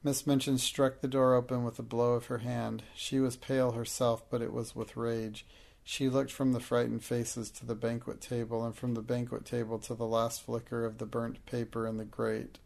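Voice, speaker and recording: A man narrating a storybook in a measured, even reading. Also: mid-range voice, creaky. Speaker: audiobook narrator.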